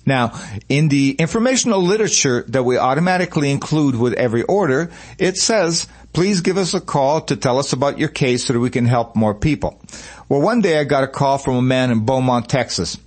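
A man's voice: mid-range voice, expressive, a little fast. A man hosting a promotional radio talk show, telling customer stories conversationally with frequent fillers. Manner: conversational storytelling with many fillers.

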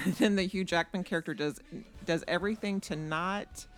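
A woman co-hosting a casual chat, expressive and conversational. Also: fairly low pitch, moderate pace, faint music behind.

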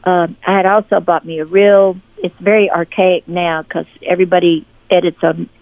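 A woman's voice: lowish voice, normal speed, no room sound. Woman telling stories over a phone line. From Memphis, Tennessee. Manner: animated, acts out quoted voices in her stories. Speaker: interview guest, singer-songwriter. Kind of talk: casual storytelling interview. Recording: dry tinny phone-line audio.

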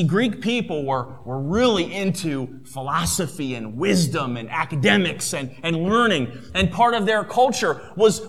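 A man preaching a sermon, animated, with slow drawn-out stresses and incredulous quoted voices. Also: sits high. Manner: acts out quoted skeptics in an incredulous tone.

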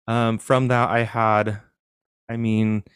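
A man's voice: fairly low pitch, flat delivery, slow, a bit bright, smooth, dry recording, studio quality. Candid young man telling his story. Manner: candid, self-deprecating, reflective. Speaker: podcast guest. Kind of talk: personal storytelling in interview.

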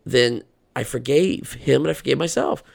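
A man's voice: medium pitch, moderate pace, gravelly, darkish tone. A man as a podcast guest, telling his personal story candidly and earnestly, often restarting his sentences.

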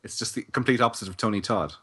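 A man's voice: fairly low pitch, very fast, bright, forceful tone, husky. A man co-hosting a podcast, chatting casually with dry jokes. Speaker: podcast co-host. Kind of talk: casual chat.

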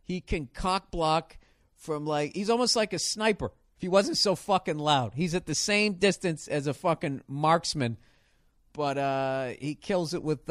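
Brief: middle-aged male podcast host, loud, profane, fast-shifting storyteller, a bit high, dry close mic. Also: dry recording. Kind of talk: casual rambling comedy chat. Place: home.

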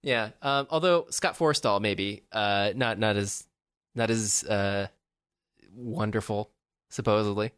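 A man co-hosting a podcast in casual chat, rambling and joking with lots of fillers and restarts, often jumping up in pitch when amused. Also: slow, a bit bright, clear, resonant tone, no room sound, studio quality. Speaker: podcast co-host.

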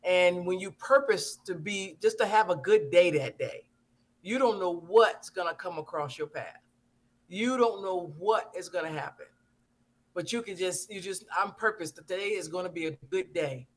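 A man's voice: high voice, moderate pace. A man hosting a talk show who talks fervently about faith and repeats phrases for emphasis. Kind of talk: preachy talk show chat.

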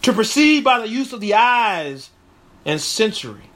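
A male pastor with a notably high voice for a man teaches through scripture in a video sermon. He is earnest and emphatic, and he circles back to repeat his key phrases for weight. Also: very animated, a little slow, a bit bright.

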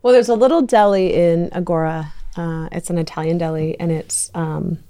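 A woman co-hosting a podcast, asking questions in a relaxed chat and laughing easily. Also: on the low side, normal speed. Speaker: podcast co-host. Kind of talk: casual chat.

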